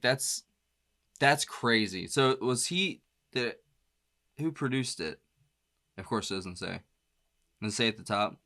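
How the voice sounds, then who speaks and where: A man hosting a reaction video chats in an easygoing, rambling way, dropping fillers and quick laughs. His voice sits at a middling pitch with a bright, pushed tone. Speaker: music reaction host. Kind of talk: casual reaction commentary.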